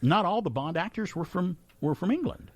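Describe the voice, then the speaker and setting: A man hosting a radio show, chatting casually through trivia numbers in an animated way and laughing often. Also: high-pitched, normal speed, background noise. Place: radio studio. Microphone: studio microphone.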